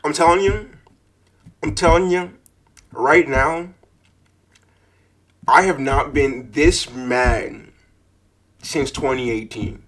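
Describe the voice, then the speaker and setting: A man telling a frustrating story in a casual rant, swearing freely and repeating himself as his anger builds into shouting. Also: mid-range voice, takes it slowly, pauses often. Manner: repeats words and restarts while recalling.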